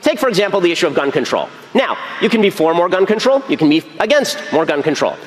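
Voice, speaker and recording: Rapid-fire argumentative man in reverb. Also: high voice, sing-song, slight background noise. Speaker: public speaker. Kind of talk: delivering a speech.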